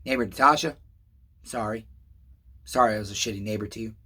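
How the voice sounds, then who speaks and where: Middle-aged man, bright edgy voice, raw emotional vlog rant, cusses a lot, loud then quiet and tired. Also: fairly quick, slightly rough. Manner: swings between shouting outbursts and low weary confession; swears constantly, calls viewers neighbors. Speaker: chainsaw channel host. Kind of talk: emotional rambling vlog monologue.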